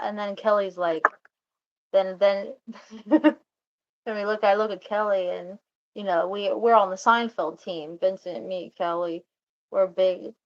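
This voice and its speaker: Lady vlogger rambling thru a story, keeps restarting, kinda muffled lo-fi sound. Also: mid-range voice. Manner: rambling, restarts, quotes others in quick asides. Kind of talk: casual storytelling monologue.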